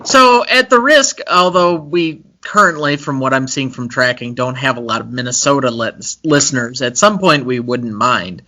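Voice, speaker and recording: A man's voice: mid-range voice, moderate pace, hardly any pauses, bright, forceful tone. A young man co-hosting a casual movie-review podcast, chatty and analytical, with frequent fillers. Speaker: podcast co-host.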